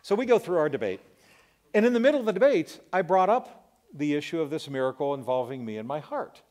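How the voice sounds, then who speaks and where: A man in his fifties, a talk show host, telling a personal testimony as a lively story and acting out sounds and asides. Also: fairly high pitch, fairly quick. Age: 50s.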